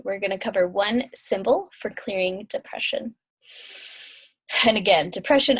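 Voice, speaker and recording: Casting note: young adult woman, intuitive healer, medium pitch, casual chatty delivery with fillers and yawns. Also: breathy edge. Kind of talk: guided energy-clearing session.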